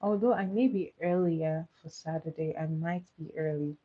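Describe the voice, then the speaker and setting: A woman's voice: low voice, normal speed, narrow, tinny audio. Chatty woman streaming her makeup. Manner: chatty, reads and answers viewer comments, runs playful votes. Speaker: livestream makeup creator. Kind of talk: casual livestream chat while doing makeup.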